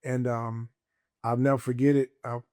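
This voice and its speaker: A man's voice: mid-range voice, level tone, normal speed, dark tone. Emphatic male podcast guest. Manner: emphatic, often says "man", acts out his own past thoughts. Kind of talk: casual storytelling.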